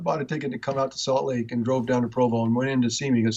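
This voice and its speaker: A man telling personal stories in an interview, earnest and rambling, with frequent restarts, rising in pitch when moved. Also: steady tone, fast, few pauses, a little mellow. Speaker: interview guest, author. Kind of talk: personal storytelling in conversation. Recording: dull, muffled audio.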